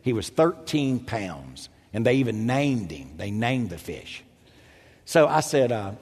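An older man preaching a storytelling sermon, animated and self-mocking, with a husky voice. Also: unhurried. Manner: animated, self-mocking, jumps into loud high quoted voices. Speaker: pastor. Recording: echoey hall.

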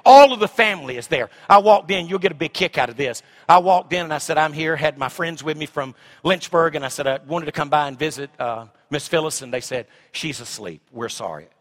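A middle-aged man preaching a sermon as pastor, swinging from shouts to hushed asides. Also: fairly high pitch, animated, fast talker, hardly any pauses.

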